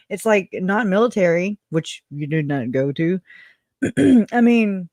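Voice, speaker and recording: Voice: medium pitch, animated, moderate pace, darkish tone, no room sound, studio quality. A commentator reacting to clips in a mocking, blunt way, swearing freely.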